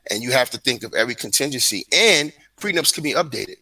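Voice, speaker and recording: Animated man, slangy jokester, bright forceful voice. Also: mid-range voice, fast, slightly rough, rough recording. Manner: animated, joking, street slang. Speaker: livestream guest. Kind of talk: casual chat.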